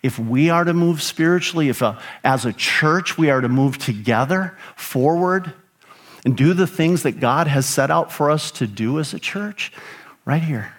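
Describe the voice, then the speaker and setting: Emphatic middle-aged male pastor preaching. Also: normal speed. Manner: emphatic preaching, rising pitch on key phrases, rhetorical questions. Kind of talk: sermon.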